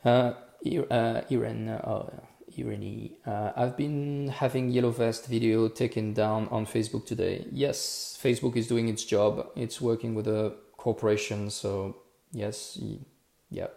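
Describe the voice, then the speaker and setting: A man's voice: lowish voice, steady tone, unhurried, creaky, mellow, echoey room. A man from France, hosting a casual live Q&A and answering viewer comments in an earnest, repetitive way full of restarts. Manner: earnest, repetitive restarts, says "okay" and "bro" often.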